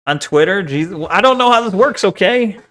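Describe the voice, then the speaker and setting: A man's voice: sits high, expressive, fairly quick, a bit bright. A young man streaming, casually chatting with his viewers in a jokey, self-deprecating way, swearing and laughing often. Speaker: VTuber streamer. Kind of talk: casual chat reading stream chat.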